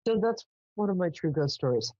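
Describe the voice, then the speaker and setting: A woman's voice: lowish voice, a little fast, no room sound, muffled recording. A woman hosting a live psychic call-in show, who chats casually, tells stories and laughs often. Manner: chatty, animated, lots of "um"s and laughs. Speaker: psychic radio host.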